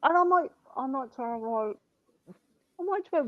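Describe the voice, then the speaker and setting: A woman's voice: sits high, animated, brisk, dull audio. A woman telling blunt, sweary stories about her shop customers in casual chat.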